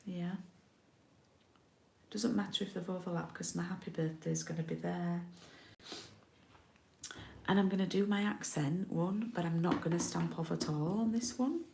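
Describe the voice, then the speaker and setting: A woman's voice: lowish voice, moderate pace, gravelly, pauses often, a little mellow, reverberant. A middle-aged woman from the UK giving a casual card-making tutorial, chatty and often checking in with her viewers.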